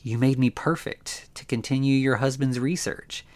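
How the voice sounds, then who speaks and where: A man's voice: medium pitch, steady tone, moderate pace, a little mellow, no echo, natural voice. A man voicing a young man built from dead men's parts, speaking matter-of-factly in a movie retelling. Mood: calm. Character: young man built from corpses, calm and flat.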